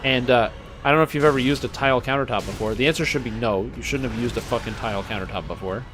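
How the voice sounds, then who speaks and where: A man's voice: mid-range voice, quick pace, fairly bright tone, soft background music. A young man streaming a video game at home, giving casual commentary with sarcastic, profane rants. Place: apartment.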